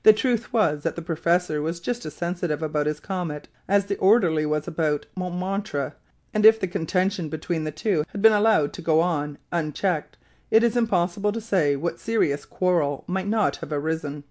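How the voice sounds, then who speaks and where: Audiobook narrator, steady classic-novel reading, mid pitch. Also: normal speed.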